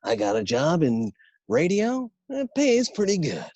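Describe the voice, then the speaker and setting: A man doing a smooth old-school radio countdown DJ. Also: on the high side, wildly swooping pitch, measured pace, a little mellow, no echo, voice pushed up, exaggerated voice. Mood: upbeat.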